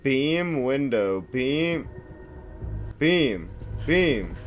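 A young man commentating on his horror game playthrough, swearing freely and reacting loudly to each turn. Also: medium pitch, big pitch swings, drawn-out words, faint music behind. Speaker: gameplay commentator. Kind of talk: let's play commentary.

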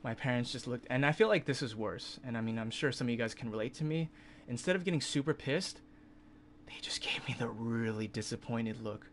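Animated, swearing young man streamer. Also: medium pitch, moderate pace, slight background noise. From California. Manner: animated, swings into loud incredulous outbursts; swears freely, filler-heavy. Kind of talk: casual storytelling on a livestream.

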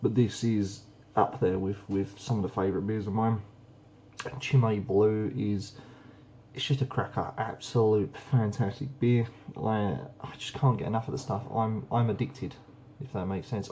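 A man's voice: on the low side, steady tone, moderate pace, darkish tone, slight background noise. A young man chatting casually and enthusiastically while reviewing beers, rambling with plenty of ums. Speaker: beer reviewer. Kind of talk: casual beer review vlog.

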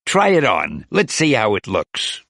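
A man's voice: lowish voice, wildly swooping pitch, measured pace, gravelly, fairly bright tone, no room sound, studio quality, full character voice. A man reading a storybook aloud and voicing a cheerful, fashion-loving superhero woman in a chatty manner. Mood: chirpy.

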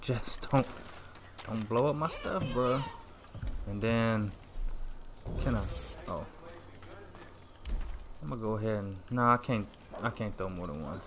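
A man giving casual, playful gameplay commentary while playing a video game, excitable and self-mocking. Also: on the low side, measured pace, long pauses, background noise.

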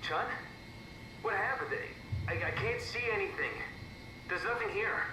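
A man's voice: sits high, a little slow, noisy background. An actor playing a frightened man trapped in a simulation, pleading and repeating himself, heard as game audio. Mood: panicked. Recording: roomy, distant game audio with ambience.

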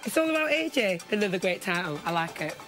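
A woman's voice: medium pitch, very animated, fast, over loud music. A woman co-hosting a chat show, bubbly and chatty. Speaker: co-host.

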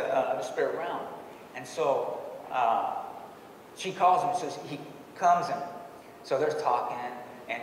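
A man preaching a sermon in a church and telling a personal story, dropping his voice low for quoted lines and laughing often. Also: slight background noise. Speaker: pastor. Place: church sanctuary. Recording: echoey hall, distant mic.

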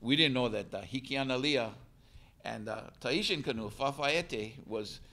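A man, a canoe crew member telling a lively story to a hall audience and acting out the voices. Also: medium pitch, moderate pace. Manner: animated storyteller, laughs and acts out voices. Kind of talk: storytelling talk.

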